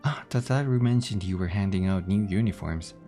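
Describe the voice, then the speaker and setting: A man's voice: low voice, brisk, dark tone, faint music behind. A man voicing a solemn, scholarly young commander who speaks formally. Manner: formal, archaic phrasing.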